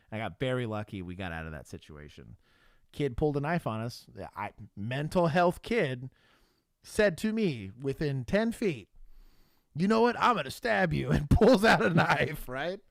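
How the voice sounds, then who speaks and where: A former cop in his thirties co-hosts a casual livestream, telling stories bluntly and swearing as he goes. His voice sits at an ordinary pitch for a man. The sound is dry and close, with no room echo. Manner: blunt storytelling with profanity and frequent laughs. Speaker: livestream co-host, former police officer.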